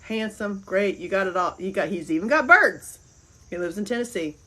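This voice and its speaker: A woman's voice: medium pitch, lively intonation, normal speed, pushed and bright, poor audio. A middle-aged woman chats loosely to her livestream viewers. She rambles from one thought to the next and breaks into giggles often. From American South. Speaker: livestream host. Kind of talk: casual livestream chat reading comments.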